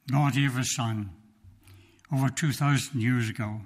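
A male preacher telling a story in a sermon, slow and emphatic, with dramatic pauses, reading from his notes. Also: mid-range voice, fairly even intonation. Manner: reads from notes.

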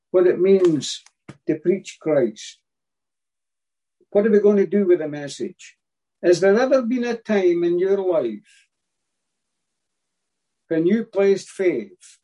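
A man's voice: sits high, mellow, low-quality recording. A man preaching a sermon, emphatic and repeating his key phrases.

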